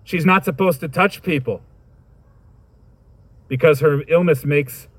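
A man's voice: on the high side, unhurried, husky, no echo. A man preaching a sermon, reading scripture and reflecting on it in a thoughtful, conversational way with informal asides.

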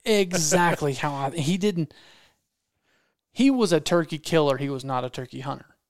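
Animated storytelling man, dry close sound. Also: on the high side, moderate pace, no room sound. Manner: animated, acts out quotes, repeats phrases for effect. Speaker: podcast guest storyteller, hunting videographer. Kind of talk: casual storytelling.

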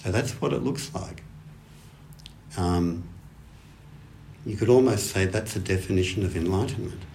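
Low-voiced man giving a calm dharma talk. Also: measured pace, creaky, a little hiss or hum. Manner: relaxed, thinking aloud in lists, often checking in with "right?". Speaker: Zen teacher.

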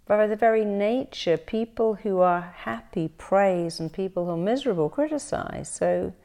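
In a relaxed interview, a therapist guest tells animated stories at normal speed, her medium-pitched voice shifting as she acts out quoted speech.

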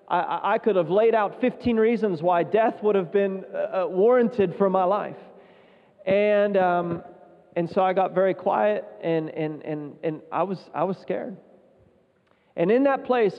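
Earnest, halting man preaching in a hall. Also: high voice. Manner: earnest, halting, repeats words. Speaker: preacher giving testimony. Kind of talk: sermon testimony. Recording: muffled sound in a long-reverb hall.

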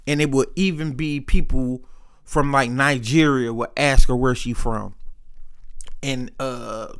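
Smooth-voiced young man telling stories. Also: mid-range voice, steady tone, takes it slowly, a bit bright. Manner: candid, profane, rambling. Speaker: podcast host. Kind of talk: casual storytelling.

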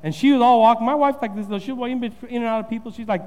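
High-voiced preaching pastor in a hall. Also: male voice, racing, darkish tone. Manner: preaching with rising emphasis and repetition. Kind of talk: sermon.

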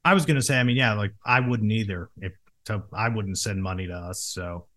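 A man co-hosting a podcast in casual chat, relaxed and easily amused. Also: on the low side, fairly quick. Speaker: podcast co-host.

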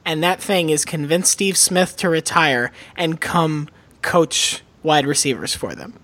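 A man co-hosting a podcast in casual chat, animated and putting on voices for mock quotes. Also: a little high, a little slow. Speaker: podcast co-host.

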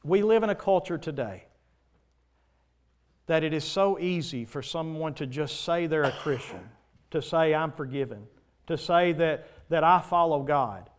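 A man preaching in church with a slightly high voice. His sermon is impassioned and pleading, rising into loud swells and then dropping to quiet passages. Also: a little slow.

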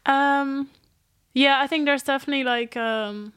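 A woman's voice: high-pitched, fairly even intonation, unhurried, fairly bright tone, no room sound, studio quality. A young woman with a mixed Irish and Dutch accent, a singer being interviewed, talking hesitantly and giggling. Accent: Irish with a Dutch tinge. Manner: giggly, hesitant, many fillers. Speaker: singer and guest. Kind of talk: casual interview chat.

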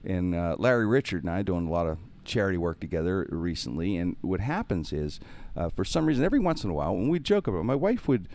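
A man with a notably deep, low-pitched voice chats casually as a podcast host. He tells funny stories with animation, putting on voices for the people in them and laughing along. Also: quick pace, hardly any pauses. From Pittsburgh, USA. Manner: animated, acts out voices in anecdotes, laughs often. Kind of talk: casual storytelling.

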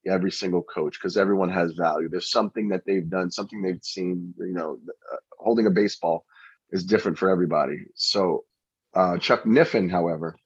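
Husky low-voiced man telling stories. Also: brisk, no room sound. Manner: chatty anecdotal, repeats words on restarts. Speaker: pitching coach. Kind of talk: interview storytelling. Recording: dull lo-fi recording.

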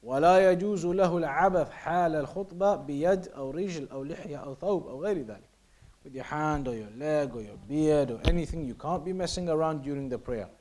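Speaking very fast in a fairly high, slightly mellow voice, a teacher of Islamic law reads and explains passages in English. He frequently repeats himself and at times drops nearly to a whisper to demonstrate the way words are said.

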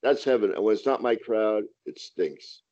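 A man's voice: fairly low pitch, normal speed, mellow, dull audio. A man, a stand-up comedian, telling a profane story in casual podcast talk, acting out the quotes.

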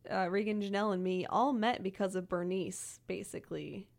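A woman's voice: mid-range voice, normal speed, creaky. A young woman co-hosting a casual chat, understated and dry. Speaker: co-host.

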